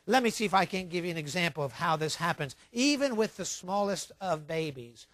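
A male Bible teacher delivers a sermon-style lesson, pressing each point and repeating the key phrases. His voice sits high for a man. The sound is dry and close. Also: bright, forceful tone, no room sound.

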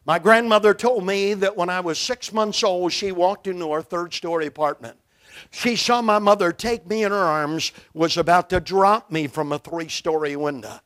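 Emphatic high-voiced older preacher. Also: male voice, moderate pace. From Brooklyn, New York. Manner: emphatic, dramatic swings in loudness. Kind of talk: sermon. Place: church, behind a pulpit.

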